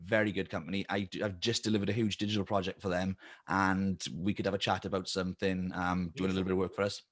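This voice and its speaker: A man, new to the group, pitching ideas on a video call, pausing often with ums and restarts. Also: level tone, a bit bright. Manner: hesitant, many ums and restarts. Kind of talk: casual chat on a video call.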